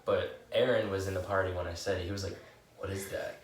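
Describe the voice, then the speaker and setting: Young NY co-host, very low voice, easygoing storyteller, echoey and off-mic. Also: male voice, steady tone, fast, faint music behind. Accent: New York. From New York. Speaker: podcast co-host. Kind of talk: casual chat. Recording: roomy and distant from the mic.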